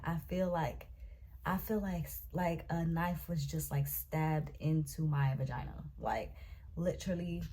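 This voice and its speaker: A woman's voice: deep voice, measured pace, slightly rough. A young woman vlogger telling a dramatic storytime, talking straight to her viewers. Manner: animated, dramatic retelling, talks to viewers as y'all and baby. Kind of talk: storytime vlog.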